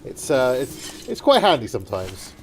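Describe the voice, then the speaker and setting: A man's voice: mid-range voice, huge pitch swings, normal speed, slight background noise. A man giving casual, jokey let's-play commentary with playful asides.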